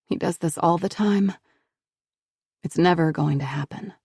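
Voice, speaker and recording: Woman playing a dismissive mother, flat tone, slightly lower, dry recording. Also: a little slow, breathy edge, no room sound, exaggerated voice.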